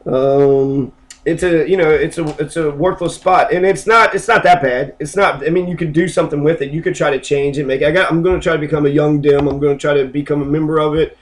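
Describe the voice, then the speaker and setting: A man's voice: fairly high pitch, steady tone, a little fast. Rambling, profane man with flu. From Kentucky. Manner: rambling, profane, stop-start. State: sick with the flu. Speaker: political video blogger. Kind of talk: casual rambling monologue.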